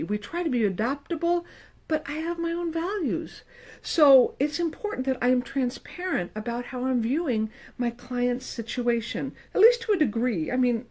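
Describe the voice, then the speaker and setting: A middle-aged woman counselor talking casually to the camera, animated and emphatic, with playful quoted asides. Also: a little high. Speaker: licensed professional counselor. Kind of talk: casual advice talk to camera.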